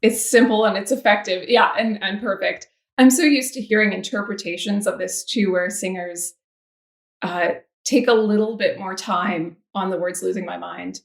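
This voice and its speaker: A woman, a composer guest on a podcast, talking thoughtfully about a song and pausing before she makes her point. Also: mid-range voice, steady tone, vocal fry, roomy sound. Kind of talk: casual music analysis chat.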